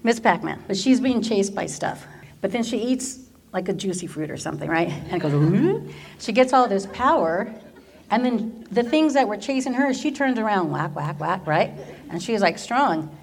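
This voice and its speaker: Animated middle-aged woman giving testimony. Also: medium pitch, moderate pace. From Orange County, California. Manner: animated storyteller who laughs often. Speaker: teacher and church worker. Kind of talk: personal faith testimony.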